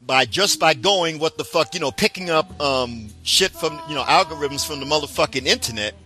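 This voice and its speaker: A man with a bright, forceful voice rants about politics, swearing constantly and dripping with sarcasm. His pitch sits a little high for a man. Faint music plays underneath. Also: expressive, normal speed. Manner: heated, profane, sarcastic. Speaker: political commentator. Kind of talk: profane political rant.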